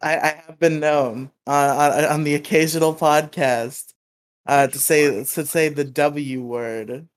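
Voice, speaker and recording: A man hosting a casual podcast, his voice pitched a little high. He needles the others with dry, teasing remarks. He keeps a relaxed, conversational pace. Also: takes it slowly. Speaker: podcast host.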